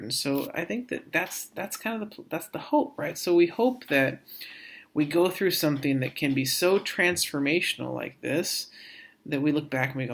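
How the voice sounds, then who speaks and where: Halting, reflective male course instructor. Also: mid-range voice, fairly bright tone, slight background noise. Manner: reflective, halting, frequent restarts and repetitions. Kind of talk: recorded course lecture.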